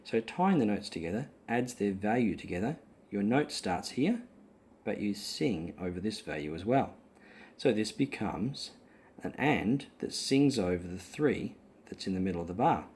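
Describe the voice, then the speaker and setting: A man's voice: lowish voice, animated, moderate pace, a little mellow, breathy edge. A man teaching guitar rhythm in an online lesson, explaining patiently with frequent ums and counting the beats aloud.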